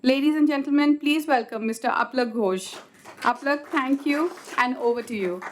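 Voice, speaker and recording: A woman's voice: high-pitched, normal speed, a little hiss or hum. A woman acting as emcee, making polite, formal introductions. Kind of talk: scripted event announcing.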